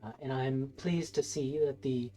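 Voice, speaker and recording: A game master doing Emmeline, a husky, breathy council leader. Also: mid-range voice, unhurried, warm tone, soft background music, natural voice. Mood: formal. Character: woman council leader, brisk, businesslike.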